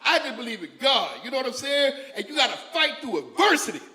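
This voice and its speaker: A man's voice: very high-pitched, big pitch swings, fast, bright, forceful tone. A man doing a stand-up comedy set on stage, telling stories in a loose, chatty way and talking back to the crowd. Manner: loose, conversational storytelling with crowd asides. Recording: echoey hall with long reverb.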